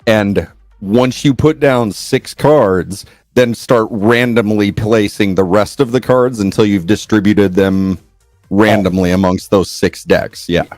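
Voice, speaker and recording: A man co-hosting a casual card game stream, explaining in a measured way with small restarts. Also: on the low side, darkish tone, no room sound, faint music behind. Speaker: co-host player. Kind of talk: casual chat.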